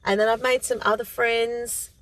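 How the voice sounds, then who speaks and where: A woman with an Australian accent, chatting as a guest comedian in a casual interview, self-deprecating and quick to laugh. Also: fairly high pitch, little pitch movement, a bit bright, rough recording.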